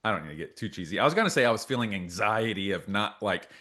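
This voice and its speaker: A man in his thirties co-hosting a casual podcast, telling stories with lots of energy. He jumps into loud, lively impressions of the people in his story, and his pitch swings widely from one sentence to the next. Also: fast. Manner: animated storyteller, acts out quotes loudly. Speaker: podcast co-host.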